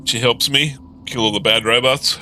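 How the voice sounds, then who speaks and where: A man's voice: mid-range voice, fairly even intonation, normal speed, pushed and bright. A man chatting casually and goofily while streaming a video game. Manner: goofy, silly and chatty. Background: game music.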